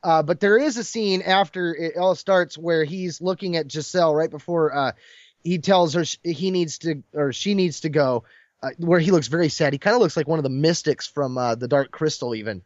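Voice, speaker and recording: A man's voice: fairly high pitch, moderate pace, no room sound. A man in casual chat, retelling a comic scene with emotion and acting out lines. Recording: dull lo-fi dry sound.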